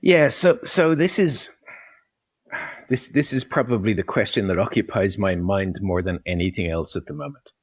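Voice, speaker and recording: A man's voice: fairly low pitch, slightly rough, dry recording. A man co-hosting a casual business podcast, speaking thoughtfully, with frequent stumbles and repeated words. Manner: reflective, halting, laughs easily. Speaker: podcast co-host.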